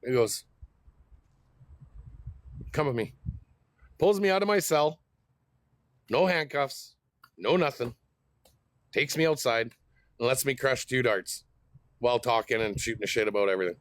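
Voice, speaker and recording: A man's voice: medium pitch, moderate pace, pauses often, no echo. A middle-aged man, telling a heated, profane story in a casual vlog rant. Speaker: host.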